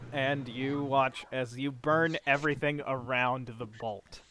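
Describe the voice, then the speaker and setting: A man's voice: medium pitch, highs cut off. Laughing male game master. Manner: casual, laughs often while narrating. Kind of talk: narrating a tabletop game.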